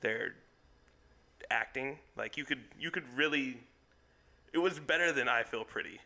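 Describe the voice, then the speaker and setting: Gravelly bright-voiced man arguing about movies. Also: mid-range voice. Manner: teasing, argumentative, quick to laugh. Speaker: podcast co-host. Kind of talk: casual comedy movie chat.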